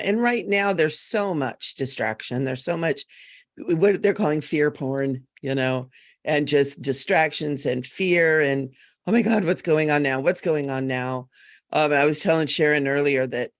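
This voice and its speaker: Woman psychic medium chatting live on a webcam, gravelly voice, dry sound, earnest and emphatic. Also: low voice, no room sound. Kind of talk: live-stream chat.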